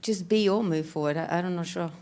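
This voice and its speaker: A woman's voice: fairly low pitch, brisk, darkish tone, clear, resonant tone. A young woman answering a question in church, casual and a little unsure. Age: young adult. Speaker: congregant.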